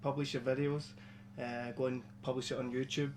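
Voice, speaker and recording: A man's voice: mid-range voice, flat delivery, a little fast, background noise. A man guest on a radio interview, talking in an upbeat, encouraging way. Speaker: guest performer. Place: radio studio.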